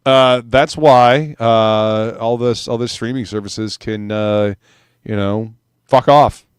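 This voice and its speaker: A man's voice: medium pitch, fairly even intonation, slow pace, clean tone, no room sound, studio quality. A man hosting a casual livestream chat, rambling with fillers and swearing freely. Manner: profane, rambling with many fillers. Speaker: host.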